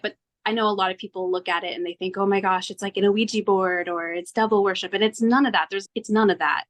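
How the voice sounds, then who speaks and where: A woman being interviewed as a tarot reader, telling her story in an earnest, animated way and acting out her own past thoughts. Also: on the low side. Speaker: tarot reader, podcast guest.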